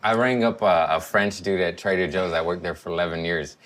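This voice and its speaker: A man, a guest comedian, who is high and tells jokes in a deadpan, halting way during a casual chat.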